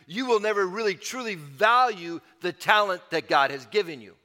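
Bright-voiced male pastor preaching in a hall. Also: high-pitched, expressive, a little fast, hardly any pauses. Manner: emphatic, repeats key phrases. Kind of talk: sermon.

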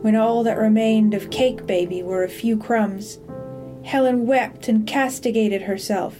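A woman tells a scripted, darkly comic story in a slow, deliberate way. Her voice sits mid-range. Guitar music plays clearly under her. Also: on the high side, fairly even intonation, mellow. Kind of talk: scripted dark-comedy narration.

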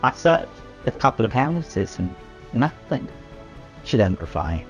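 A man running a tabletop game, describing scenes with a lively, wide-ranging voice. He hesitates often, filling gaps with ums and uhs. Soft music sits far under him. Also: medium pitch, measured pace. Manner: hesitant, with many fillers. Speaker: game master.

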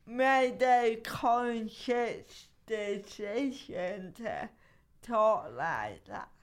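A woman co-hosting a casual chat who asks gentle questions. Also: on the high side, expressive, extremely slow. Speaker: podcast co-host.

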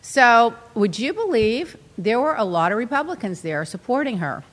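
A middle-aged woman hosting, telling a casual story in an animated, dramatic way with lots of exclamations. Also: fairly high pitch, moderate pace. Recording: long reverb.

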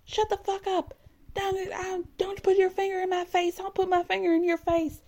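Woman doing a shrill, screechy wife character, high-pitched and combative, ranting at her husband. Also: completely flat delivery, normal speed, warm tone. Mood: defiant yelling. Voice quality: screeching, strident.

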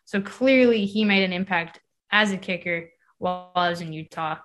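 A woman co-hosting a casual sports podcast, talking quickly and acting out what other people say. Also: fairly low pitch, soft background music. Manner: lively, quick, acts out other people's remarks. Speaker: podcast co-host.

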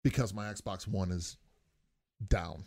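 A man's voice: sits low, slow pace, vocal fry, darkish tone. A man co-hosting a casual podcast chat, reacting briefly and swearing as he rants about his broken game console. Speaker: podcast co-host.

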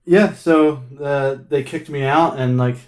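A man's voice: medium pitch, steady tone, a little slow, a little mellow. A man telling a long, wry story in casual chat, with plenty of filler words and restarts. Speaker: musician guest.

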